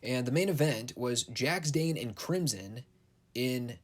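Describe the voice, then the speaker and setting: A man's voice: medium pitch, lively intonation, takes it slowly. A young man giving a casual, blunt and sarcastic recap of wrestling shows, swearing freely. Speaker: wrestling show reviewer.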